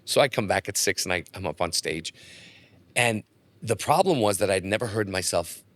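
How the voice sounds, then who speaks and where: A man's voice: deep voice, moderate pace. A middle-aged man telling stories as a podcast guest, acting out the dialogue in them. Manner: animated storyteller acting out dialogue. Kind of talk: casual storytelling.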